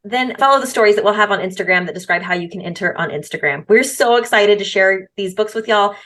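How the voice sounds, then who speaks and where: A woman's voice: medium pitch, fast, a bit bright. A woman in her thirties co-hosting a podcast, talking casually and upbeat. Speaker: podcast co-host.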